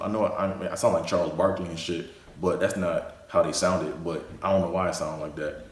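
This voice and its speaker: A man's voice: sits low, flat delivery, brisk, a little hiss or hum. A young man telling a casual story, rambling and full of fillers. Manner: rambling, full of "you know" and "like". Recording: echoey room.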